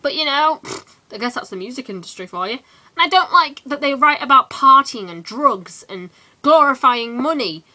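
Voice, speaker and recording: A teenage woman from England ranting in a casual vlog, animated and full of quick asides. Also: sits high. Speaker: vlogger.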